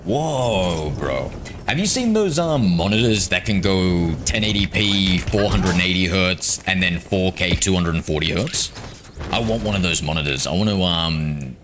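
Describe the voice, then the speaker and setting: Deep-voiced gaming streamer. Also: male voice, lively intonation, a little slow, noisy background. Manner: chatty, rambling with many ums. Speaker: game streamer. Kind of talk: casual live-stream chat.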